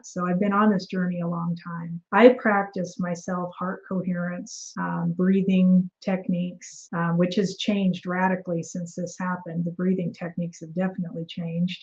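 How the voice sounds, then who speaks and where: Mellow-voiced woman telling a story. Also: fairly low pitch, dull audio. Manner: animated storyteller acting out dialogue. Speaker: guest, energy healer. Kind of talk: casual interview storytelling.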